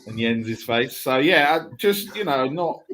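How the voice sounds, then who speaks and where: A man's voice: medium pitch, a bit bright, a little hiss or hum. Rambling male fan panelist. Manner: rambling, filler-heavy, laughs at his own remarks. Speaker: podcast panelist. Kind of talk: casual football chat.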